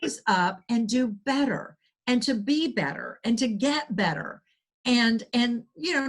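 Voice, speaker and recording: A woman's voice: on the high side, fairly bright tone. Earnest Southern US woman guest. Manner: earnest, rambling with many restarts. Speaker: guest author. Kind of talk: conversational interview.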